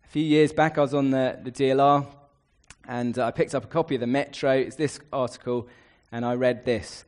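A man delivers a sermon in an earnest voice of middling pitch. He builds his points through emphatic repeated lists, rising and then dropping away. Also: steady tone, a little fast, darkish tone. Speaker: preacher.

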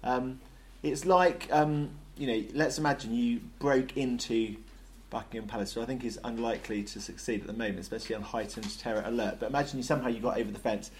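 Lively man teaching the Bible. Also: mid-range voice, quick pace, few pauses, slight background noise. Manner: lively, jokey, asks the group questions. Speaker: Bible study leader.

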